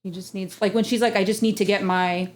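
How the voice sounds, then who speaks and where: A woman co-hosting a casual podcast chat, blunt and animated, swearing freely as she talks as a parent. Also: mid-range voice, a little fast. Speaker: podcast co-host; parent of an autistic child.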